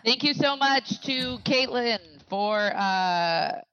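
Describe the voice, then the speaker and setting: A woman co-hosting a podcast, tossing in quick, teasing quips during casual chat. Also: a little high, expressive, fairly bright tone. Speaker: podcast co-host. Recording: dull lo-fi mic with faint noise.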